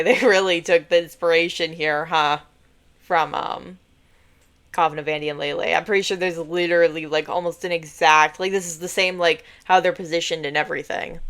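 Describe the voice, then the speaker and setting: A woman's voice: fairly low pitch, a bit bright, clear, resonant tone. A woman streaming a game playthrough, chatty and filler-heavy, narrating and reacting between lines.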